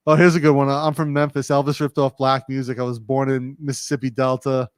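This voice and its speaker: A man's voice: mid-range voice, little pitch movement, fast, clean tone, dry recording. A man with a New England accent, hosting a casual livestream chat in a studio, talking in a laid-back, agreeable way. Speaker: host.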